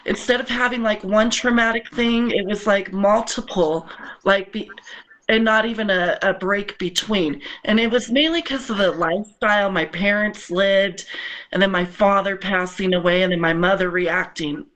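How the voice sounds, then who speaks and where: A woman speaks openly as a podcast guest, her words earnest and halting. She often circles back and restarts her sentences, talking from her own apartment. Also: medium pitch, fairly bright tone, poor audio. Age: adult with children. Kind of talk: candid personal conversation. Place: home apartment.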